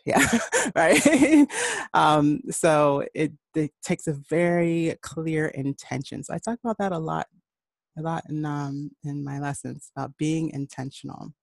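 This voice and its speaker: Chatty voice teacher with a gravelly edge. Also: mid-range voice, a little slow, no echo. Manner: chatty, rambling, with frequent fillers and restarts; encouraging, addresses the listener directly. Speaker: voice and singing teacher. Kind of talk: casual spoken lesson.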